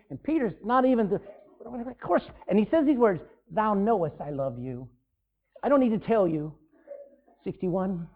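A man's voice: high-pitched, expressive, moderate pace. A man preaching a sermon in a conversational way, acting out scenes in different voices. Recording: tinny phone-like sound.

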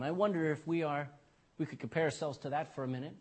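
A man's voice: fairly high pitch, fairly even intonation, fast talker, darkish tone. A man preaching a sermon in an emphatic style, often tagging lines with "amen" and asking the congregation questions. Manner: emphatic, repeats "amen" and "you know". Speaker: pastor.

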